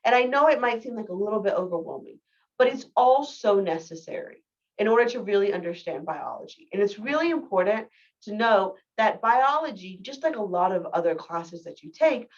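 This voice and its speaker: A woman's voice: mid-range voice, lively intonation, moderate pace. A woman in her thirties giving a recorded biology lecture in a casual, candid, self-deprecating way. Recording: distant, dull lo-fi mic.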